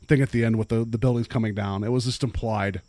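A man's voice: lowish voice, steady tone, quick pace, a little mellow, no room sound. A man co-hosting a podcast, chatting casually about movies in a rambling way full of fillers. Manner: rambling, many fillers and restarts. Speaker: podcast co-host.

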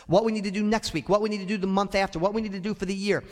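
A male pastor preaching a sermon in a church sanctuary, animated and conversational with touches of humor. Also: sits high, rapid-fire, in a large hall.

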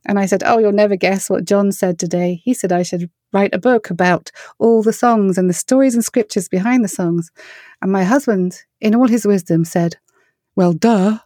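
A middle-aged English woman speaks in an earnest, storytelling way, her pitch sitting mid-range for a woman. The sound is close and dry, with no room around it. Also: normal speed, no room sound. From England. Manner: earnest, storytelling, animated when quoting others. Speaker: worship singer and author. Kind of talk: interview answers.

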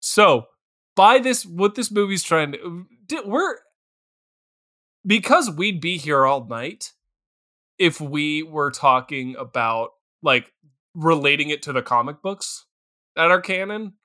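A man with a bright, sharp voice chats casually on a comedy podcast. His pitch jumps around a lot as he rambles, laughs and acts out silly voices. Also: expressive, slow pace. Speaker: podcast co-host.

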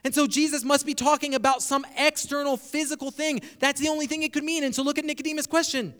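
High-voiced preacher in a reverberant hall. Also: male voice, level tone, fairly bright tone. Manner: expository preaching, slows down for emphasis. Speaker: pastor. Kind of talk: sermon.

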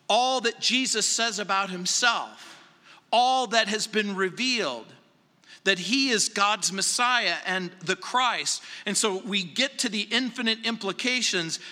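A man delivering a verse-by-verse sermon as a pastor, measured and emphatic, stressing phrases slowly. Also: high-pitched, bright, forceful tone, long reverb tail. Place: church sanctuary.

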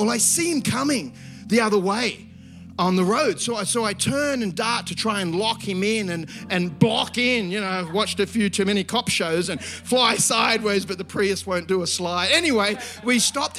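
A man, preaching a sermon that moves from a lively story into earnest prayer. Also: sits high, normal speed, faint music behind. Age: 50s. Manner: animated storytelling, then quiet earnest prayer. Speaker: pastor.

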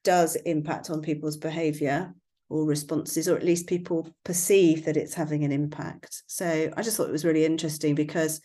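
A woman's voice: low voice, fairly even intonation, moderate pace, warm tone. A woman with a West Country accent, chatting in a thoughtful, hedging way on a podcast. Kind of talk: casual chat.

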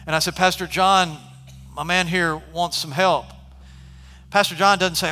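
A man preaching a sermon, telling stories casually and at times shouting. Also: a little high, normal speed, a little hiss or hum. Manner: animated, shifts from conversational to shouting. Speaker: pastor. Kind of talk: sermon storytelling. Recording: long hall reverb.

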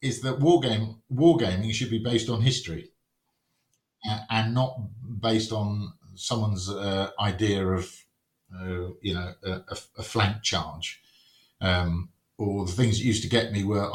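A man's voice: on the low side, measured pace. Wry man in an echoey room. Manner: wry and anecdotal, acts out quotes. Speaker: wargames rules writer, podcast guest. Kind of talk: casual podcast conversation. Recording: roomy echo.

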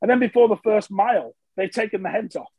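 A man's voice: high voice, fast, creaky, a little mellow, breathy edge, no echo, low-quality recording. Chatty, self-mocking man. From England. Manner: chatty and self-mocking, with frequent fillers and restarts. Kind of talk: casual storytelling.

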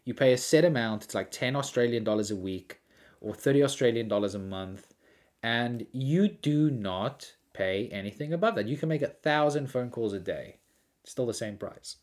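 A man telling prank-call stories in casual chat, animated and laughing often. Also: mid-range voice, normal speed. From South Africa.

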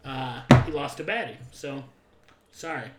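A man's voice: medium pitch, animated, measured pace, echoey room, heavy background noise. A young man co-hosting a podcast, telling crude, laughing anecdotes in casual chat and acting out the people in them. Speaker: podcast co-host.

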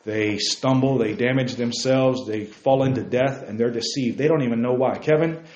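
A man preaching a sermon to a youth group, fervent and emphatic, repeating his key phrases and talking fast. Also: mid-range voice, darkish tone, echoey room. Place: meeting room.

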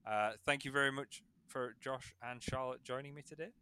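A man hosting a podcast and acting as game master, in a relaxed and rambling casual chat with many fillers. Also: medium pitch, normal speed, smooth.

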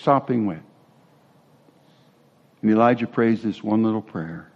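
A man's voice: on the low side, measured pace, pauses often, lo-fi sound. A man giving a sermon as a pastor, talking in a conversational way with asides and restarts.

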